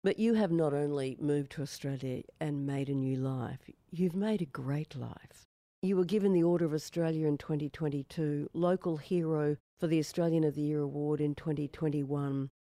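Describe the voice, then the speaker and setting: An interview host with a mellow, relaxed tone asks questions in a measured, articulate way. The recording is close and dry. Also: mid-range voice, no room sound.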